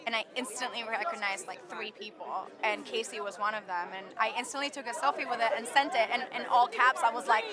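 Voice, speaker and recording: Excited actress from Canada, slightly high woman's voice, street crowd chattering behind; gushing premiere interview. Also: a little fast, few pauses. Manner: bubbly, gushing, lots of "like". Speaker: actress at her film premiere. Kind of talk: red carpet interview. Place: outdoor red carpet premiere. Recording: loud crowd noise outdoors.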